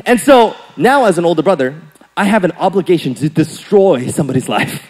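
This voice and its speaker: A high-pitched young male pastor preaches in a church sanctuary, and his voice rings through a long hall reverb. He tells stories playfully and acts out quotes with sudden swings from loud to hushed. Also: lively intonation, brisk. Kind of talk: sermon with storytelling.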